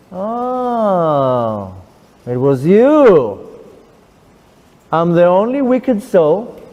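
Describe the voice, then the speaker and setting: Rabbi giving a lively testimony talk, high, expressive voice, long hall reverb. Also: male voice, dull audio. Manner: animated, emphatic storytelling. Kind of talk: testimony lecture.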